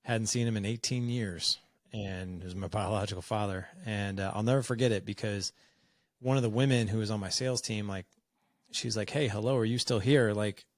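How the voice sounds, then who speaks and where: A man's voice: lowish voice, steady tone, brisk, dry recording, studio quality. A man in his forties, a podcast guest, telling a personal story in a frank, conversational way and acting out the dialogue. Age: 40s.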